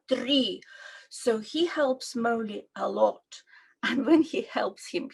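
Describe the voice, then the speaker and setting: A woman from Russia with a Russian accent, a children's book author presenting her story's toy characters in a gentle, simple way and asking her listeners questions. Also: on the high side, creaky, husky, poor audio.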